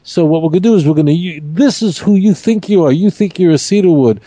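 Fast and fairly high-pitched, a man runs an animated Torah study class, driving home key points through repetition and rhetorical questions. The recording is dry.

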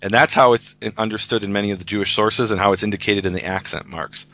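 A man's voice: on the low side, fairly even intonation, fast talker, sharp tone. A man in a casual discussion, patiently explaining scripture as a guest teacher, often restarting his sentences.

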